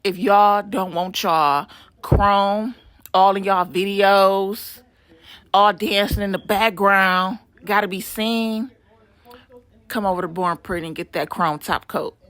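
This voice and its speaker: Woman imitating a tough, threatening man, slow drawl, close dry sound. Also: mid-range voice, fairly even intonation, no echo. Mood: menacing. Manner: slow, drawn-out, louder threats.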